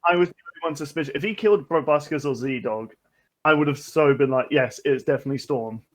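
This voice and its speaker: A man's voice: a little high, fast talker. Theatrical man grilling his friends. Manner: theatrical, playfully interrogating. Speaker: gamer in a group voice chat. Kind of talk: casual gaming chat.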